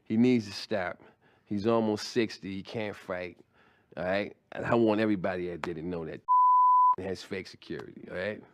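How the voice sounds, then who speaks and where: A man's voice: deep voice, fairly even intonation, normal speed, darkish tone. A middle-aged man doing stand-up, telling a story in a loose, conversational way with slang and restarts. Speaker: stand-up comedian.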